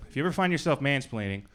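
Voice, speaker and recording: A male stand-up comedian from New York doing a club set in a conversational, deadpan style with bursts of acted voices. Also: mid-range voice. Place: comedy club stage before a live audience. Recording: live club recording with audience noise.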